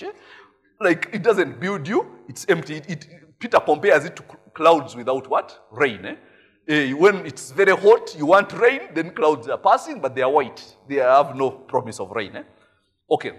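A man's voice: a little high, a bit bright, husky. A Ugandan man in middle age delivers a sermon in a slightly raised voice. He talks to the congregation like friends, laughs often and keeps checking in with "eh?". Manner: chatty and laughing, frequent tag "eh?". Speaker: pastor.

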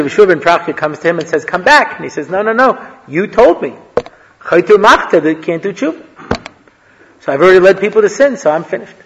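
A high-pitched man teaches a casual Torah class, chatty and full of jokes and asides. His voice rings with a long reverb from a lecture hall. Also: fairly bright tone, a little hiss or hum. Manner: chatty, joking, peppered with "you know". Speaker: rabbi giving a Torah class.

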